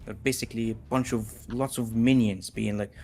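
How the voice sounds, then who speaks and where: A man narrating as game master of a tabletop game, relaxed and full of fillers. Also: medium pitch, a little fast.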